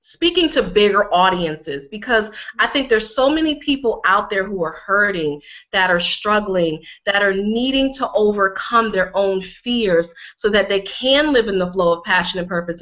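A woman from Connecticut, a healing coach being interviewed, speaking emphatically and repeating phrases for effect, her voice a little hoarse from a cold. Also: mid-range voice, a bit bright, highs cut off. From Connecticut, USA. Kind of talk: conversational interview.

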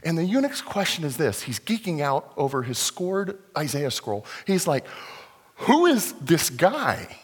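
Animated pastor preaching in a hall. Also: male voice, fairly high pitch, normal speed, hardly any pauses, breathy edge. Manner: animated, acts out scenes, swings from loud excitement to hushed. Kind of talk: sermon. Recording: long hall reverb.

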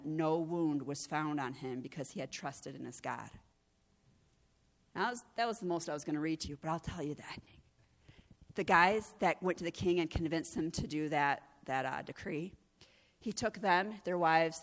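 A woman pastor giving a conversational sermon, growing emphatic and intense at moments. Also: sits low. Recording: long hall reverb.

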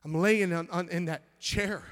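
This middle-aged preacher's high-pitched voice holds a steady tone at a measured pace during a passionate sermon. He alternates between exclaiming loudly and telling stories softly, nearly in a whisper, and repeats words when stirred.

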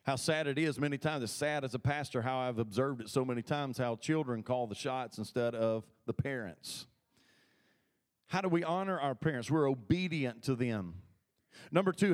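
High-voiced preacher. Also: male voice. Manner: conversational preaching with audience call-and-response. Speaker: pastor. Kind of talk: sermon. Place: church sanctuary.

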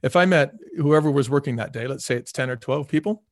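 A fast-talking middle-aged man tells stories in an interview, repeating words for emphasis and acting out the people he quotes. His voice sits at a middle pitch and is recorded close and dry, with no room sound. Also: no room sound. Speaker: former restaurant chain CEO, guest. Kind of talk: casual storytelling interview.

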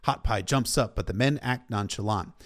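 A man's voice: on the low side, moderate pace. A man retelling a novel in a casual storytelling style, sometimes stopping for emotional asides. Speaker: book recap narrator.

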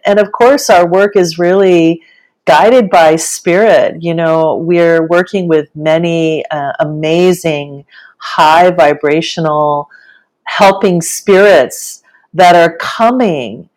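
A woman co-hosting a live chat, talking enthusiastically and haltingly with many fillers. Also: lowish voice, darkish tone, rough recording. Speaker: co-host, retreat facilitator. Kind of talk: casual live-stream chat.

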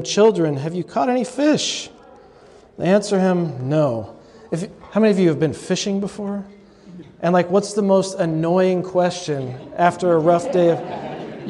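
A man with a rather high voice lectures on scripture in an easy, joking way, turning often to his listeners. His words ring out with a long reverb, recorded live in a large hall. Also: dark tone. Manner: conversational and humorous, with asides to the audience. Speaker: lecturer and podcast host.

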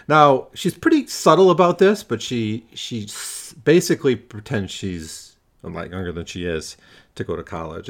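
A man giving a literature lecture, thinking aloud with frequent restarts and reading a long passage aloud. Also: fairly low pitch.

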